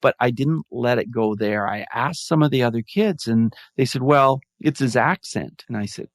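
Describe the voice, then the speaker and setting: A man's voice: medium pitch, normal speed, no echo. A middle-aged man, a podcast guest, telling a personal story in an earnest, reflective way. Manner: earnest, reflective, acts out quoted voices. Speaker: podcast guest, mindfulness advocate. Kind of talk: storytelling in an interview.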